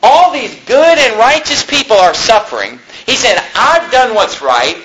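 A man delivers a sermon in a high, animated voice with a bright edge. He reads scripture slowly and solemnly, then retells it in plain, conversational words. A faint noise sits under the recording. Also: rough recording. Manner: paraphrases scripture in everyday words. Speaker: preacher.

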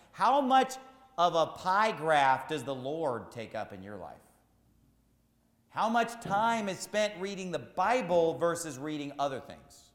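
A man preaching a sermon as pastor, emphatic and repetitive, rising to shouts at times. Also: on the high side, echoey room, in a large hall.

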